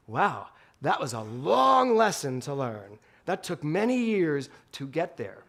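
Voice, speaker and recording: Guy pastor w a pretty high voice, chatty funny sermon story, keeps laughing. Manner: animated, laughing anecdote telling. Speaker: minister. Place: spiritual center sanctuary.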